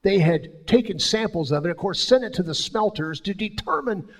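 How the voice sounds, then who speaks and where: Gravelly, lively-voiced preacher man. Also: sits high, moderate pace. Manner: animated preacher, storytelling with sudden loud and soft swings. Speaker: pastor. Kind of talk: sermon.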